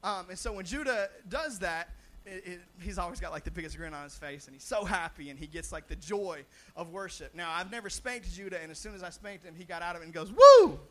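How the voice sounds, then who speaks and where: Talking fast with hardly any pauses, this young pastor has a high-sitting voice as he delivers a sermon. He is animated, restarting often, repeating words, and growing loud to drive points home.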